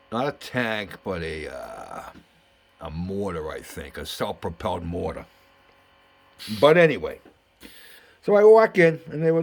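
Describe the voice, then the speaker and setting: A middle-aged man hosting a model building vlog, telling a story in a chatty, excitable way with lots of fillers and restarts. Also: fairly low pitch. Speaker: model building channel host.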